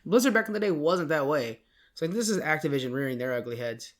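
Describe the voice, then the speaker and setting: A man with a somewhat high voice hosts a casual gaming podcast. He rambles through results, often stopping to correct himself mid-sentence. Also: expressive, fast talker. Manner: rambling, self-correcting esports recap. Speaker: podcast host.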